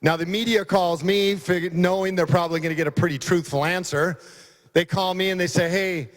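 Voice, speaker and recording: Casting: male sheriff, middle-aged, folksy and emphatic, slightly high-pitched, speaking in a hall with long reverb. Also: fairly even intonation, brisk. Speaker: county sheriff. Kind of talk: conference speech. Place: conference hall.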